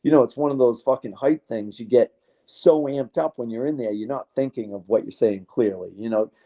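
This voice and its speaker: A man's voice: mid-range voice, a little fast, dark tone. A man, a fighter being interviewed, talking in a rambling, heartfelt way and swearing casually.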